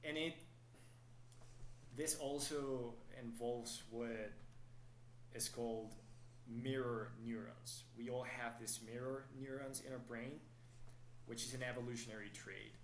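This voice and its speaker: A man's voice: mid-range voice, fairly even intonation, a little slow, pauses often, reverberant, a little hiss or hum, rough recording. A man who works as a dating coach, explaining his methods steadily in a podcast interview and often checking in with "right?".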